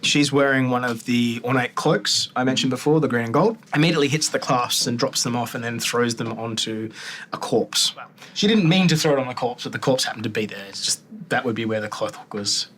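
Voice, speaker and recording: A man narrating as game master of a tabletop role-playing game in a casual, relaxed way. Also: mid-range voice, fairly quick, a little hiss or hum.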